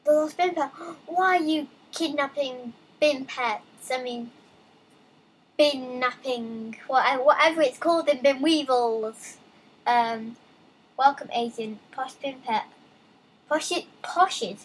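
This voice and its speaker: A young woman casually commenting while playing a game, reading on-screen text aloud with excitable, chatty asides. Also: sits high, takes it slowly, breathy edge, rough recording. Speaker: let's play gamer.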